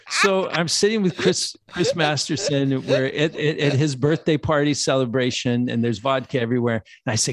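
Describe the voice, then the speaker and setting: A man in his sixties, a guest actor telling lively anecdotes in a podcast interview, acting out the voices of people in his story. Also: on the high side, moderate pace, few pauses, slight background noise. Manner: animated anecdote teller, acts out quoted voices.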